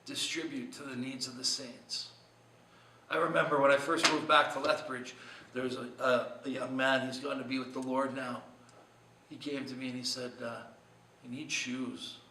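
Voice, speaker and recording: A man's voice: mid-range voice, flat delivery, normal speed, pushed and bright, reverberant, distant mic, slight background noise, rough recording. A man preaching a short devotional sermon in an earnest, conversational way, asking his listeners many questions. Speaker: pastor.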